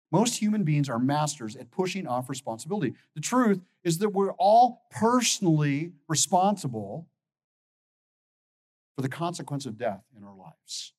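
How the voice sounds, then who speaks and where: A man in his fifties delivers a sermon with emphatic, driving conviction. His voice sits a little high for a man, and he often repeats words as he builds toward each point. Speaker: pastor.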